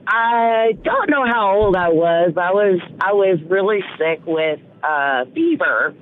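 A woman's voice: mid-range voice, expressive, takes it slowly. Female radio caller, emphatic storyteller, tinny phone audio.

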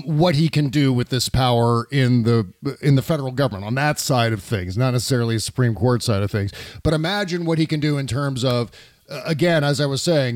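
A man's voice: mid-range voice, no room sound, clean studio sound. A man hosting a political talk show, chatting animatedly and laughing often. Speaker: podcast host.

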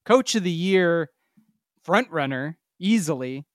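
A man's voice: on the high side, expressive, slow, no echo, studio quality. A man co-hosting a casual sports podcast, emphatic and mocking, swearing freely. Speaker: podcast co-host.

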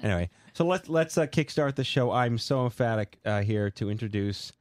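A man's voice: medium pitch, lively intonation, normal speed, hardly any pauses, soft background music. A man with a New York accent hosting a casual talk show, rambling and correcting himself as he goes. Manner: rambling, self-correcting, playful. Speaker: podcast host.

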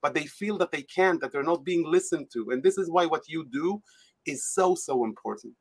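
A man's voice: fairly high pitch, lively intonation, normal speed, slightly rough. A man speaking as a guest in an interview, emotional and pleading, often restarting his sentences. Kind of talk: impassioned interview talk.

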